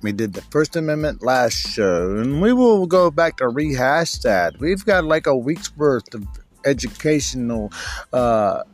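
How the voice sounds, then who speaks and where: A man's voice: medium pitch, expressive, unhurried, faint music behind. A middle-aged American man hosting a show, talking in a rambling, slangy monologue full of asides. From United States. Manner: rambling, slangy, keeps saying bro. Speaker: show host. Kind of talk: casual monologue.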